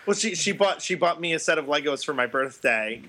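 A man's voice: fairly high pitch, expressive, brisk, sharp tone. A man hosting a podcast, chatting casually and enthusiastically about a favorite film. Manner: enthusiastic, laughs often. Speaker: podcast host. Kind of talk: casual chat.

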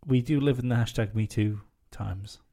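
A man with a Manx accent, co-hosting a casual comedy chat and making dry, deadpan quips. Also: fairly low pitch, normal speed. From Isle of Man. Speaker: podcast co-host.

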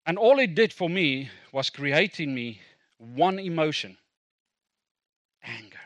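A man's voice: fairly high pitch, big pitch swings, slow, fairly bright tone, dry recording. A middle-aged South African man, a native Afrikaans speaker, preaching a sermon as a pastor in a conversational, self-deprecating way with asides to the congregation.

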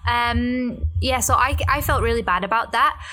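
Woman, bright and fairly high voice, frank and wry co-host in a casual chat. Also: moderate pace, soft background music. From Britain. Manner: frank, joking, lots of backchannel "yeah".

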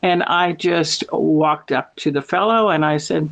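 A man's voice: a little high, measured pace, gravelly, fairly bright tone. An American man chatting casually, telling rambling stories and correcting himself as he goes. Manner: rambling, storytelling, with self-corrections. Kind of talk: casual chat.

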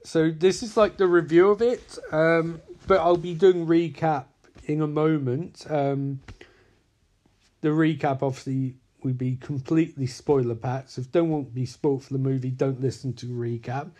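A man's voice: fairly high pitch, fairly even intonation, moderate pace, darkish tone. A man casually reviewing and recapping a film, rambling and jokey, acting out bits of dialogue. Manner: rambling, jokey, acts out quotes in bursts. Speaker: movie reviewer.

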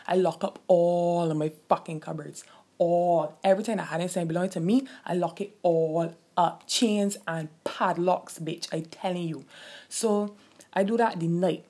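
A woman telling a heated, profane story to her viewers in a casual rant, jumping high in pitch when she quotes herself. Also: fairly even intonation, normal speed, dark tone. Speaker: streamer venting to viewers.

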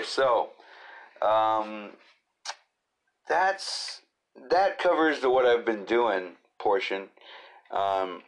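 A man hosting his own solo podcast, talking off the cuff in a rambling, jokey way with quick asides. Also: medium pitch. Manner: rambling, jokey, jumps between silly voices and asides. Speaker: podcast host.

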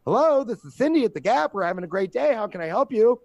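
A man putting on the voice of a cheerful young female store clerk answering the phone, in an overly bright customer-service singsong. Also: high-pitched, very animated, fast, vocal fry, dry recording, dull audio, voice pushed up, exaggerated voice. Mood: chirpy.

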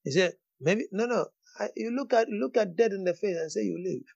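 A man preaching, who moves from quiet teaching into bold, emphatic declarations and often repeats words as he builds up. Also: sits high, lively intonation, a little fast, gravelly, dry recording, highs cut off. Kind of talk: sermon with prayer call-in.

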